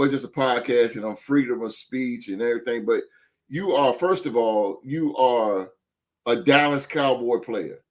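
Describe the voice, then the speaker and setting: A man hosting a sports podcast, talking emphatically with lots of stammered restarts. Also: medium pitch. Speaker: podcast host. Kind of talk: casual sports talk.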